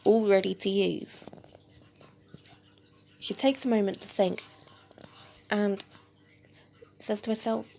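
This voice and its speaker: Gravelly, mellow-voiced woman telling a story. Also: mid-range voice, steady tone, slow, pauses often, slight background noise. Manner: plain reading with hesitant fillers. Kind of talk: amateur audio story narration.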